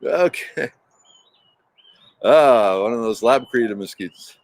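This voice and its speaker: A man's voice: mid-range voice, animated, takes it slowly, no room sound. A man hosting a casual livestream, rambling with frequent restarts and greeting viewers in the chat by name. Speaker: livestream host.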